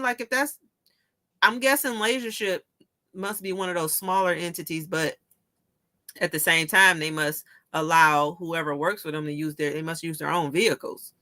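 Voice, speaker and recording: A woman hosting a casual chat, telling stories in an animated way, laughing often and swearing casually. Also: lowish voice. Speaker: show host.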